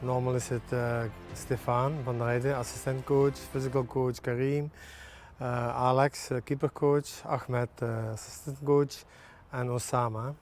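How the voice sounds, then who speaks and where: A football coach talks through a TV sports interview in halting, non-native English. He fills his pauses with many fillers and speaks at a middling pitch. Faint music plays behind him. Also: little pitch movement, darkish tone. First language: not English. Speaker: national team head coach.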